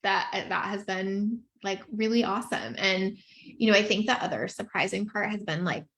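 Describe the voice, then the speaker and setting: A woman's voice: mid-range voice, normal speed, a bit bright. A woman hosting a podcast, talking candidly in a casual, reflective way, full of "like" fillers and easy laughter. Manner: chatty, filler-heavy with frequent "like", laughs easily; open and emotional, reflective. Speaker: podcast host. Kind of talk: candid casual podcast chat, reading listener comments.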